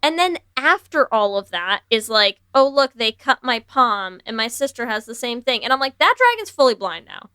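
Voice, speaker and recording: Woman co-host, casual movie recap, sharp bright voice a touch high, animated delivery. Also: moderate pace, few pauses, smooth, no echo, clean studio sound. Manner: animated, swears freely, acts out characters' lines. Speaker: podcast co-host.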